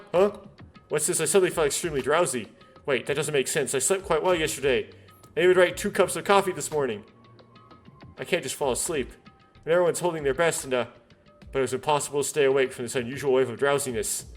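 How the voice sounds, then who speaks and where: A man's voice: on the high side, quick pace, soft background music. A man reading a visual novel aloud, doing every character's lines in his own voice, with stumbles and self-corrections.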